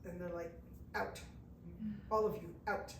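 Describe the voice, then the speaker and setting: A woman's voice: fairly low pitch, fairly even intonation, a little slow. A woman from the United States telling a live travel story to an audience, acting out the people she quotes and laughing at herself. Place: indoor event room with an audience. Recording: echoey room from far off, faint noise.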